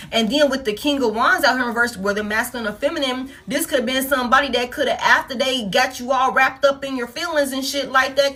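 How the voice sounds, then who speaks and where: A woman's voice: high-pitched, pushed and bright. A woman reading tarot in a casual, blunt monologue, swearing often and repeating phrases for emphasis. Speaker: tarot reader. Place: home setup, soft music playing behind her.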